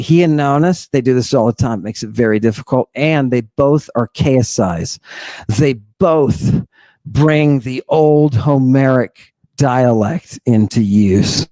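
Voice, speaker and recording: A man hosting a podcast, giving an animated lecture in a casual, slangy way and firing rhetorical questions at his listeners. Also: mid-range voice, no room sound. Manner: emphatic, peppered with rhetorical questions to the audience; casual slang, teasing a co-host. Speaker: host lecturing on ancient texts.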